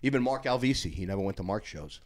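A middle-aged man tells gym stories as a podcast guest, swearing freely and laughing as he goes. His voice sits low, and his pitch swings widely while he talks. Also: fast talker. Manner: animated, profane, laughing storyteller. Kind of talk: casual storytelling.

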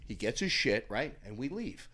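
A middle-aged man, a podcast guest, telling stories in a casual, animated way, with plenty of swearing and laughter. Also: medium pitch, moderate pace. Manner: animated, profane, laughing storyteller. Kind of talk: casual storytelling.

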